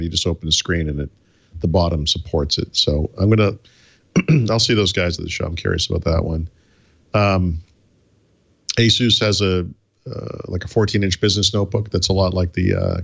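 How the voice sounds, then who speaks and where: A man co-hosts a tech podcast. He speaks in a matter-of-fact way, chuckling at times. His voice is very low. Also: no echo, dull audio. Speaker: co-host. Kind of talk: casual tech podcast chat.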